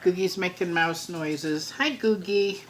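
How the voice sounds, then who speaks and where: A woman chats into her phone at home while she eats, winding loosely through a story and leaning on fillers. Her voice sits a little low for a woman, relaxed and conversational. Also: slow, slight background noise. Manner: rambling, filler-heavy storytelling. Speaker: mukbang vlogger. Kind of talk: casual chat while eating. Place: at home with pets nearby.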